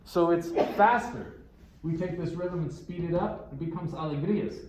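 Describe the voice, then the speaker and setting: A man's voice: on the high side, moderate pace, a little mellow. A male guitar instructor giving a classroom lesson, counting beats aloud and explaining with questions. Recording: echoey room with faint ambient noise.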